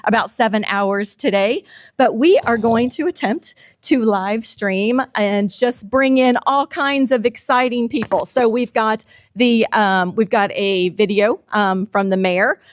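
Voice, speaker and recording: A woman's voice: a little high, unhurried. A woman co-hosting a live event in casual chat, laughing often and filling with ums. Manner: chatty, laughing, many ums. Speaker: livestream co-host.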